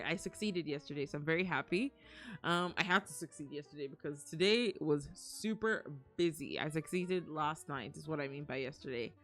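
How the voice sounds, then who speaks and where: Young woman, streamer, casual chat, excitable, rambling, lively swinging pitch. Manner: excitable, gasps and laughs often; rambling, restarts sentences.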